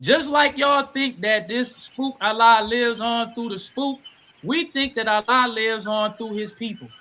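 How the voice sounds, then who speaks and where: A man's voice: very high voice, a little slow, bright, forceful tone. A man debating over a live stream, insisting on his points and repeating them through interruptions.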